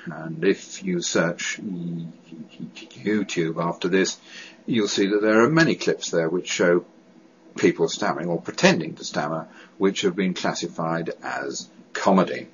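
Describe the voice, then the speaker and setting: Deep-voiced man with a stammer. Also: measured pace, slight background noise. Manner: stammers, with hesitations, repeated sounds and restarts. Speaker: person who stammers giving a personal testimony. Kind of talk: earnest personal statement to camera. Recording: dull, lo-fi recording.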